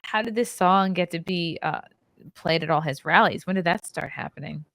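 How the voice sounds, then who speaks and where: A woman's voice: on the low side, normal speed, fairly bright tone, no room sound. Female host, chatty, laughs easily, casual interview, dry close sound. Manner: chatty, laughs between words. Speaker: podcast host.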